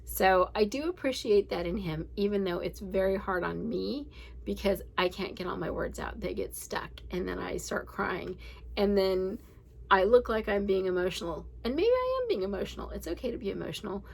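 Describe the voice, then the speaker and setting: A woman's voice: mid-range voice, normal speed, vocal fry, breathy edge, low-quality recording. A candid woman in her forties who hosts a daily reading podcast, talking in a casual, reflective, rambling way with laughs. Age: 40s.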